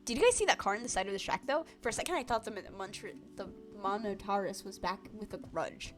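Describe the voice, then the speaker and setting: A woman voicing a nervous, nerdy young boy who talks quickly and defensively. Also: medium pitch, expressive, fairly bright tone, soft background music, natural voice.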